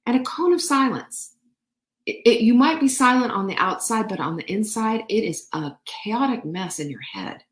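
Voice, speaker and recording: A woman's voice: fairly high pitch, expressive, normal speed. Woman host, middle-aged, chatty and upbeat, motivational talk, echoey room. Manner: upbeat, chatty, reads viewer comments, frequent laughs. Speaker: show host. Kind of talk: live-stream motivational talk. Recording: roomy echo.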